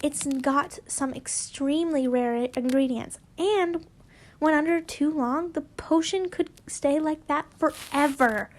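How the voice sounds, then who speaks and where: A woman's voice: sits high, takes it slowly. A woman voicing an earnest teenage girl. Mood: hushed.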